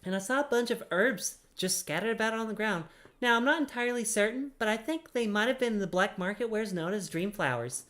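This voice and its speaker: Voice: medium pitch, brisk, a bit bright, voice pushed up, close to an everyday voice. A gamer voicing a sly, seasoned female adventurer, speaking in a confiding, conspiratorial way.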